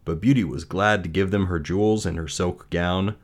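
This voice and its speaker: Deep-voiced, measured male storyteller. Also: steady tone. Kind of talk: storybook reading and reflection.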